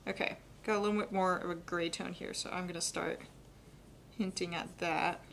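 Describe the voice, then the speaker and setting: A young adult woman giving a live painting demonstration, talking quickly and chattily and laughing often. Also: fairly low pitch, steady tone, creaky, fairly bright tone, slight background noise. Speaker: painting instructor.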